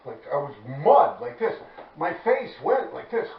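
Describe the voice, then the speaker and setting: High-voiced New York man, profane storytelling. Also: a little slow, vocal fry. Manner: profane, laughing, animated street talk. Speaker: graffiti writer telling a story. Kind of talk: casual storytelling to viewers. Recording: echoey, distant, dull with faint noise.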